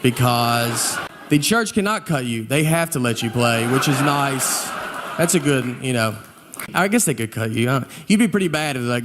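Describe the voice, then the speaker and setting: Deadpan guy doing standup, rambly and laid back, big echoey theater with the crowd audible. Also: medium pitch, moderate pace. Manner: deadpan, rambling storytelling with many fillers. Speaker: stand-up comedian. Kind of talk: stand-up comedy set. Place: large theater stage with a live audience. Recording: reverberant hall with audience noise.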